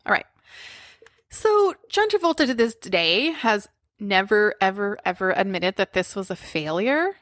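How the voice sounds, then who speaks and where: A woman's voice: mid-range voice, very animated, fairly bright tone, no room sound, studio quality. A woman co-hosting a casual movie podcast, recounting trivia in a chatty way. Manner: chatty, recounts trivia, paraphrases people in quick asides. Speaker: podcast co-host. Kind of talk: casual chat about movies.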